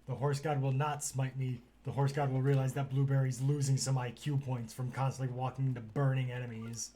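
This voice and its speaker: A man streaming a video game, chatting casually and swearing as he rants and yells at what happens on screen. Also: medium pitch, flat delivery, fairly quick, a little hiss or hum. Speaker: gaming streamer.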